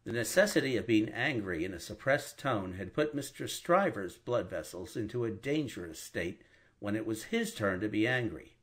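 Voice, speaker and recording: Husky male audiobook narrator. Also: lowish voice, expressive, normal speed, fairly bright tone. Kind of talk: scripted narration.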